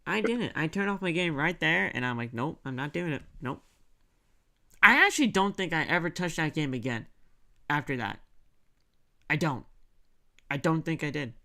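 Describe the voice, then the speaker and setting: Stammering animated young man, lively pitch. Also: moderate pace, creaky, pauses often. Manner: animated, stammering restarts, laughs a lot, acts out scenes. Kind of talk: casual gaming chat.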